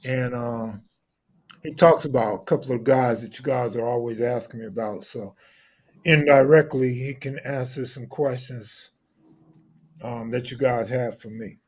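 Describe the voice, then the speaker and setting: A man hosting a live stream interview, laid-back and reading out viewer shout-outs. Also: medium pitch, unhurried. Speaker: host.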